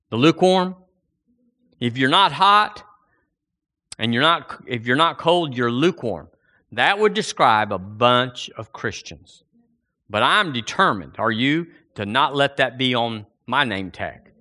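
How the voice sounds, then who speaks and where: A man preaching a sermon in an animated way, his voice rising and falling as he quotes scripture and questions the congregation. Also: measured pace. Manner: animated preaching, swinging pitch and volume.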